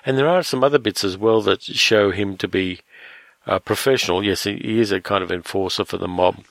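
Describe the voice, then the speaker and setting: Deep-voiced man retelling a film plot. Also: brisk, no echo. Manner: relaxed, retelling a plot with fillers. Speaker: film reviewer. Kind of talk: casual film commentary.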